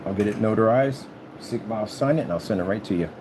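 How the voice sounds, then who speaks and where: A man's voice: lowish voice, fast, noisy background. A man delivering a rambling, taunting monologue at a rival, repeating stock phrases and humming to himself as he works through paperwork indoors. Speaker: YouTuber addressing a rival.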